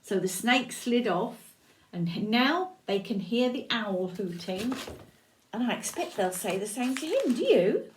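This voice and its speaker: A woman's voice: mid-range voice, slight background noise. An older woman reading a picture book aloud to children, stopping to chat and ask them questions. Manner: expressive, pauses to chat and ask the listener questions.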